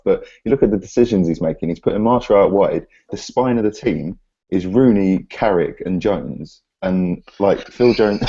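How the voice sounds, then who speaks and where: Deep husky Mancunian man. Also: moderate pace, warm tone, dull audio. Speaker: fan pundit. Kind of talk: casual football chat.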